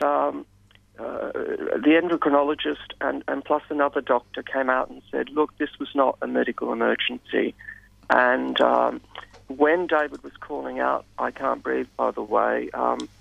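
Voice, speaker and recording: A man speaking as a radio guest in a measured, hesitant way with many fillers. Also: medium pitch, gravelly, no room sound. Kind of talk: radio interview. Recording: dull lo-fi radio sound, dry.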